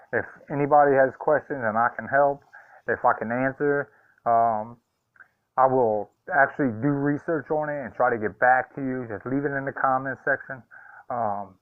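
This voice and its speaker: A man's voice: mid-range voice, no echo. Man on a tinny phone-like line. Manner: hesitant, full of ums and uhs, heartfelt. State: choked up. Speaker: vlogger. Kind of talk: casual vlog talk.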